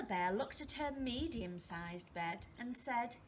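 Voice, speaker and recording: A woman teacher reading a storybook to young children, expressive and asking them questions as she goes. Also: on the high side, takes it slowly, slight background noise. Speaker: primary school teacher.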